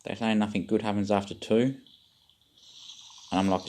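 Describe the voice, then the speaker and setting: A man with a notably low voice talks to his viewers in a wandering, circling monologue. He questions himself as he goes and drifts into spiritual musing, with casual swearing along the way. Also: fairly even intonation, moderate pace, darkish tone. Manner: meandering, self-questioning, occasional swearing. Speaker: vlogger.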